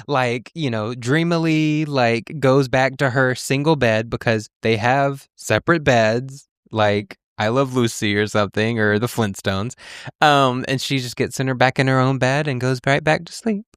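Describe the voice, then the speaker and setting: A man co-hosting a podcast in casual chat, relaxed, recapping the story with quoted lines. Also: mid-range voice, moderate pace, clear, resonant tone, dry recording, studio quality. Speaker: podcast co-host.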